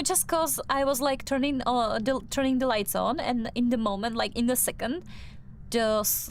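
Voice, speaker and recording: A young woman streamer, whose first language isn't English, speaks with a non-native accent in a fairly high voice. The recording has a little hiss or hum. She gives casual gameplay commentary full of fillers and restarts.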